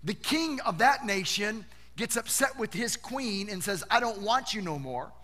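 A man preaching a sermon as a pastor, animated and conversational, often asking rhetorical questions and repeating words as he goes. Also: high voice, a little slow.

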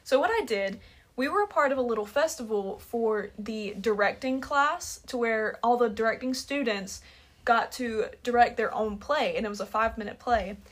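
A young woman hosting a casual podcast chat, animated and quick to laugh. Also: a little high. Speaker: podcast host.

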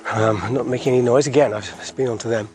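A man's voice: mid-range voice, steady tone, quick pace, over music. A middle-aged man hosting a community podcast outdoors, walking a hillside road and chatting casually with frequent chuckles.

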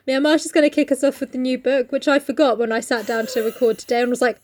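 A young woman co-hosting a casual podcast, chatty and quick with quips. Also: sits high, level tone, darkish tone. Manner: chatty, full of fillers and quips. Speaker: podcast co-host. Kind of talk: casual chat.

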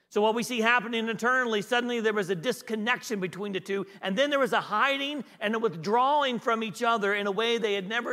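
High, bright-voiced male preacher in a reverberant hall. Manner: repeats key phrases for emphasis; conversational, asks the congregation questions. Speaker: guest pastor. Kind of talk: sermon.

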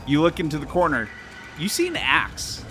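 A man running an improvised horror game as game master, narrating with teasing drama and sudden jumps in pitch. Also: wildly swooping pitch, normal speed, bright, forceful tone, soft background music.

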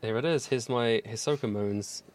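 Man, from Britain, rapper, podcast guest, joking, quick casual interjections. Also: mid-range voice. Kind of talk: casual chat.

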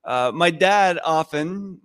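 A male pastor giving a sermon in a conversational, animated storytelling way. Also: fairly high pitch, slow pace.

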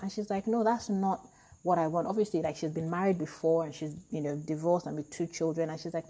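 A woman talking in a casual, reflective monologue, chatty and quick to laugh at herself. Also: lowish voice, steady tone, mellow, slightly rough.

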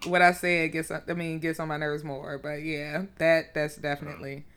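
Smooth-voiced laid-back woman. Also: deep voice, little pitch movement, normal speed, fairly bright tone. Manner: laid-back, laughs often. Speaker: podcast co-host. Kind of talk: casual chat.

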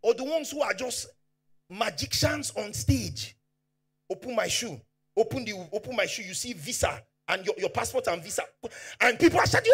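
High-pitched, animated Nigerian preacher man. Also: normal speed, slightly rough. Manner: fervent, swings from hushed to shouting; mixes Pidgin asides into preaching. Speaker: pastor. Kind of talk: preaching a sermon.

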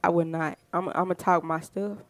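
A woman's voice: lowish voice, steady tone, normal speed, no echo. A woman hosting a podcast, talking in a fired-up, emphatic casual monologue full of rhetorical questions. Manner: fired-up, emphatic, frequent "you know what I'm saying". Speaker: podcast host.

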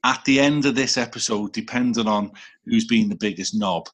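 The episode's host, a Liverpudlian man, talks at a moderate pace in a voice on the low side. Over a video call for a casual podcast, he teases his mates and swears at them.

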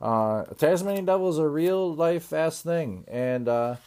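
A man's voice: fairly high pitch, animated, unhurried, mellow, clear, resonant tone. Crude rambling male podcast host. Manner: crude, rambling, swears constantly; drawling, trails off into mumbles. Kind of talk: profane comedic rant.

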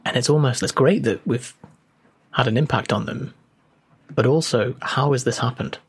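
A man's voice: medium pitch, normal speed, slightly rough. A man co-hosting a podcast, chatting casually in an earnest way and thinking aloud with hesitant restarts. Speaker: podcast co-host. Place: at home, remote call.

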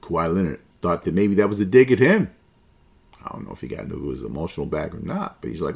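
A man's voice: low-pitched, animated, quick pace, creaky, darkish tone. A man in his forties hosting a basketball podcast, opinionated and conversational, with slang asides. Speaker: podcast host. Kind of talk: casual basketball commentary.

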